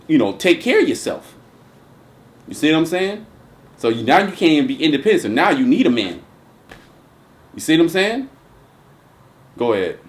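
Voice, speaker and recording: A man hosting a casual religious commentary chat, talking emphatically and profanely with lots of restarts. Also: mid-range voice. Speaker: host.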